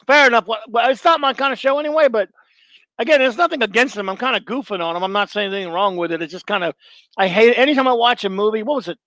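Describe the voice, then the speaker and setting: Higher-voiced middle-aged man, blunt. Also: quick pace, sharp tone, dry recording. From Louisiana. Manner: blunt and opinionated, rambling with restarts. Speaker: show host. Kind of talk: casual live-show monologue, answering chat.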